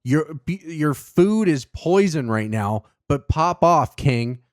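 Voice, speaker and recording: A man's voice: on the high side, animated, takes it slowly, no echo, clean studio sound. A man hosting his own show in a casual monologue, ranting with sarcasm and profanity. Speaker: podcast host.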